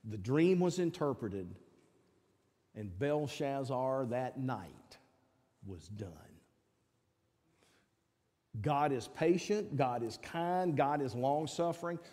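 Preacher, male, mellow and a bit high, emphatic sermon delivery, long church reverb. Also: animated, slow. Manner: emphatic, swings between loud appeals and low asides. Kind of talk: sermon with altar call. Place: church sanctuary.

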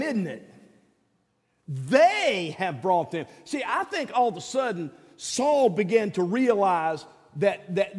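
Animated preacher in an echoing hall. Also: male voice, high-pitched. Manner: animated, conversational, quizzing the congregation. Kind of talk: sermon.

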